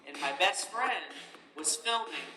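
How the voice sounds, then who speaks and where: A man's voice: fairly high pitch, a little slow, noisy background. A man who makes online videos, chatting casually and jokingly, laughing often. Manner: animated, jokey, laughs often. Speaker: video creator. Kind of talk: casual chat at a festival. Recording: echoey hall from far off. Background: crowd chatter.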